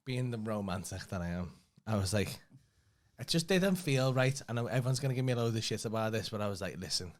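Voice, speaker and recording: A man's voice: fairly low pitch, lively intonation, fast. A young man, co-hosting a casual podcast and telling rambling, sweary anecdotes. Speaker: podcast co-host. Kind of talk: casual chat, storytelling.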